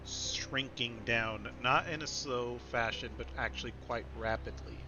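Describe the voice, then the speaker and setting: A man narrating as game master of a tabletop game, slow and halting with many fillers. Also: medium pitch, muffled recording. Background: background music.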